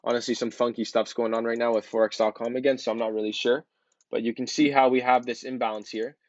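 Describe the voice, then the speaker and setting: A man's voice: medium pitch, flat delivery, fast talker, dry recording, highs cut off. A man casually talking viewers through trading charts in a loose, chatty way, with plenty of ums and filler words. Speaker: trading educator. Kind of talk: casual screen-share chart walkthrough.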